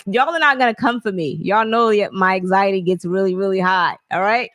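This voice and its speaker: Woman co-host, mid pitch, profane and giggly, dry room. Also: fairly quick, a bit bright, no room sound. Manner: laughs often, blunt and profane. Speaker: podcast co-host. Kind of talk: casual banter.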